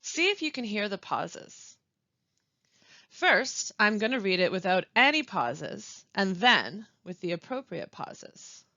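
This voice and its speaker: Woman, instructor, scripted pronunciation lesson, careful deliberate stress, dry close recording. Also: medium pitch, very animated, pushed and bright, dry recording, muffled recording. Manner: slow, carefully stressed reading of example sentences. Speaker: language support instructor.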